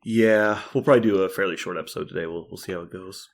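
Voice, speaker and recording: Casting: young male podcast co-host, low gravelly voice, profane and jokey, quick to laugh and act out quotes. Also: fairly even intonation. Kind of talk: casual podcast chat.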